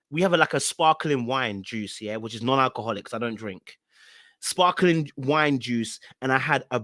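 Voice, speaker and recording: A young man, hosting a podcast and telling a personal story in an animated way, repeating phrases for emphasis. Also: mid-range voice, no room sound, clean studio sound. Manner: animated, repeats phrases for emphasis, acts out his own past words. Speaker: podcast host. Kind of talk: storytelling talk.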